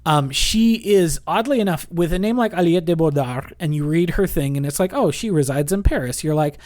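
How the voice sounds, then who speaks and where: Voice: medium pitch, moderate pace, a little mellow. A co-host on a casual book-discussion podcast, enthusiastic and full of fillers. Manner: enthusiastic, filler-heavy reviewer.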